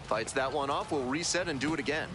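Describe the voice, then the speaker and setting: A man calling baseball play-by-play in a smooth, polished broadcast manner. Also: on the high side, quick pace. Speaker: play-by-play announcer. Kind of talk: baseball commentary. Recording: game audio under loud ballpark noise.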